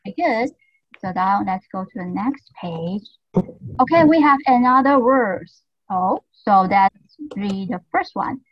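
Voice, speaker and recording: A woman teaching English to young learners over a video call, speaking slowly and patiently with lots of encouragement and careful repetition. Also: medium pitch, animated, lo-fi sound, a little hiss or hum. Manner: patient, slow and encouraging, repeats words carefully. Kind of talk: online class drills.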